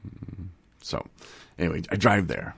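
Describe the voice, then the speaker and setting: A low-voiced man with a gravelly edge tells stories in a loose, joking way, acting out the people he met. He teases and laughs freely, and the sound is dry and close, without room echo. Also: unhurried, a bit bright. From Michigan, USA. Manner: teasing, acts out little scenes, laughs often. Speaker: podcast co-host. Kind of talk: joking casual chat.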